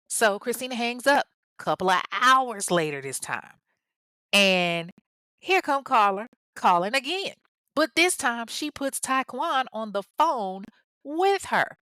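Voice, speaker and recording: A woman casually telling a true crime story, animated and chatty, drifting into tangents and casual swearing. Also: a little high, slow, no echo. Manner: animated and chatty, acts out the people she quotes.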